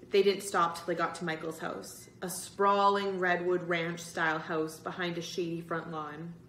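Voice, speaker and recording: A woman reads a spooky children's chapter book aloud, narrating with drama and feeling. Her voice is mid-pitched. The room gives it a noticeable echo. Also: flat delivery, normal speed, hardly any pauses, fairly bright tone, distant mic, slight background noise. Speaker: story-time reader. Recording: roomy echo.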